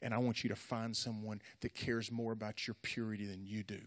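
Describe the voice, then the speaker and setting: A youth pastor, a middle-aged man, preaches a sermon to young people in an echoey hall, his fairly low voice flat and fairly quick. He comes across as earnest and conversational, repeating himself often.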